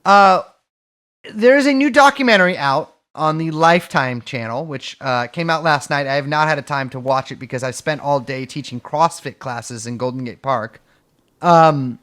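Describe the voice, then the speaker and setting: A man's voice: on the high side, expressive, moderate pace, fairly bright tone. A man co-hosting a podcast, talking casually with a sardonic, swearing edge. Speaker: podcast co-host.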